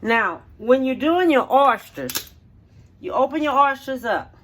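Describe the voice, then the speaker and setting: Her voice sits high, with lively intonation and a measured pace, over slight background noise. In her home kitchen, this middle-aged home cook and channel host gives a casual, homey demo, repeating steps and checking in with "okay?"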